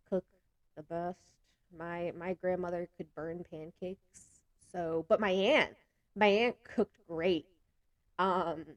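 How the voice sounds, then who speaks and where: A woman vlogger chatting casually to camera, animated and quick to laugh between remarks. Her voice sits in a middle pitch, and the recording is dry and close. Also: dry recording. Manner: talks with hands a lot.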